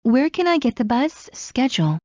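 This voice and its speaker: Woman reading phrases slowly, muffled. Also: sits high, sing-song, a little mellow, no echo. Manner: measured, with a pause after each phrase. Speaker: English phrase reader. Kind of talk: slow read-aloud phrase drill. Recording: dull lo-fi dry recording.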